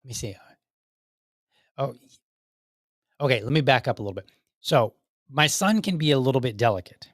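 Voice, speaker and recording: A man's voice: mid-range voice, lively intonation, normal speed, long pauses, dry recording, studio quality. A man in his thirties hosting a solo talk show, speaking in a conversational way with frequent restarts and asides. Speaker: podcast host.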